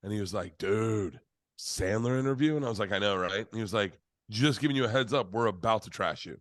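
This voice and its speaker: A middle-aged man telling stories in a casual interview, animated and profane, acting out the voices of people he quotes. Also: lowish voice, fairly quick, dry recording. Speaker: comedian being interviewed.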